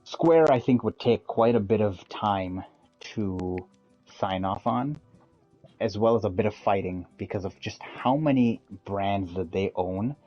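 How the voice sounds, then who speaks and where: A man's voice: fairly low pitch, a little slow, warm tone, highs cut off, faint music behind. A man hosting a casual podcast chat, giving his opinions as he thinks aloud. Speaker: podcast host.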